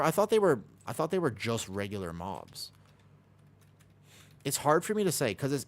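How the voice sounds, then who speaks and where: An American man from Los Angeles, chatting casually on a live game stream, reading out and answering viewer questions. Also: mid-range voice. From Los Angeles, USA.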